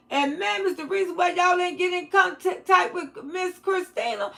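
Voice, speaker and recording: A woman hosting a livestream, commenting with outrage, shouting and cursing. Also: very high voice, moderate pace, vocal fry, hardly any pauses. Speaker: livestream host.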